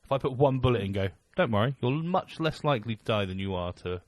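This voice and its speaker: A man's voice: medium pitch, animated, fast talker, no echo. A man co-hosting a casual podcast chat, talking in a dry, blunt, grumbling way. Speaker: podcast co-host.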